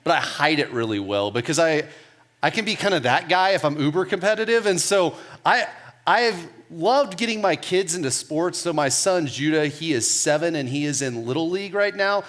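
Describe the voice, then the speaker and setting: Guy in his 30s preaching, high voice, jokey self-mocking stories, laughs a lot. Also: normal speed. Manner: casual, self-mocking storytelling; animated, with laughs. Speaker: pastor. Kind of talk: sermon.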